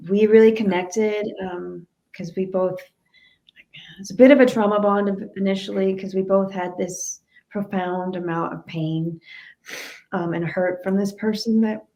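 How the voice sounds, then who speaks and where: A woman's voice: on the low side, gravelly, warm tone. A woman guest in an interview, candidly and reflectively telling her family story.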